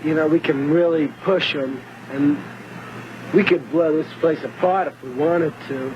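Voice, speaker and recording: A band member talking eagerly and ramblingly in an archival interview. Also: male voice, fairly high pitch, unhurried, darkish tone, slight background noise. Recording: dull lo-fi archival tape.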